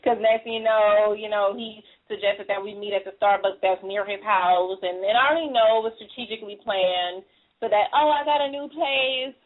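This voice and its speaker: A woman's voice: medium pitch, fairly even intonation, a little fast. Talk show host, woman, chatty and laughing, phone-quality sound. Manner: chatty, laughs often, acts out quotes. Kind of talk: casual chat. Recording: phone-like lo-fi audio.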